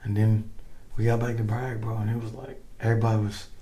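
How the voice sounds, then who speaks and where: A middle-aged man, a former soldier, telling stories in a casual interview, animated and acting out what others said. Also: lowish voice, fairly quick, a crowd in the background. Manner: animated, acts out quoted voices, swears casually. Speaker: guest, former Green Beret.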